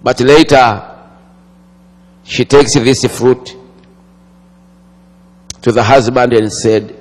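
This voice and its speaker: A man preaching a sermon slowly and dramatically, with long pauses and sudden swings from loud to hushed. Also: mid-range voice, steady tone. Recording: long hall reverb.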